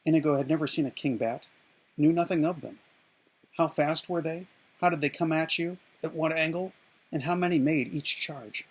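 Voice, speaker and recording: A man reading a novel aloud at home in an expressive, measured storytelling manner. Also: on the high side, husky. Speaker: reader of a novel. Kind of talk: dramatic book reading.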